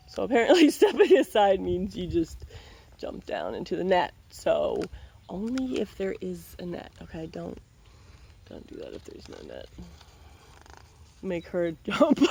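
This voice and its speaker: A woman's voice: lowish voice, dark tone. A woman reading a picture book aloud, breaking off for playful, wry running commentary.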